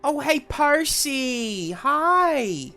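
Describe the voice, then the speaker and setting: A man's voice: extremely high pitch, big pitch swings, drawn-out words, bright, forceful tone, soft background music, voice pushed up, heavily acted. A man voicing a gossipy, tired woman nurse in her fifties, chatty and complaining in a tabletop role-play.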